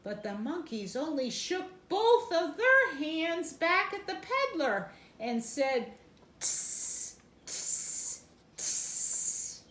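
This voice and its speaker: Slow, sing-song woman reading a storybook. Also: very high voice. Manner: expressive, sing-song, gasps for effect. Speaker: storyteller for children. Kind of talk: storybook read-aloud. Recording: roomy echo, faint background noise.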